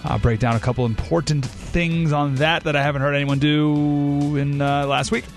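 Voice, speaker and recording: A man hosting a talk radio show, speaking casually but emphatically. He slows right down to stress his points and breaks into animated outbursts. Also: a little high, faint music behind. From San Diego area. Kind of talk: conversational talk radio monologue. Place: radio studio. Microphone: studio microphone.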